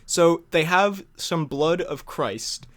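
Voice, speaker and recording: A man's voice: on the high side, slow. A man co-hosting a podcast, rambling and laughing as he tells stories in casual chat. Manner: rambling, animated storytelling with laughs. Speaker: podcast co-host.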